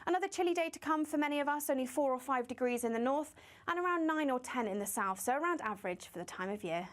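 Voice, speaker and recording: A woman presenting a scripted weather forecast in a brisk, bright forecaster delivery. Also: sits high, animated.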